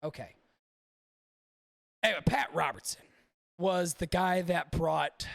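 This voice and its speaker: A man's voice: sits high, vocal fry, no echo, clean studio sound. A man hosting a podcast livestream, chatting casually and profanely, rambling and talking to his chat. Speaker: podcast host.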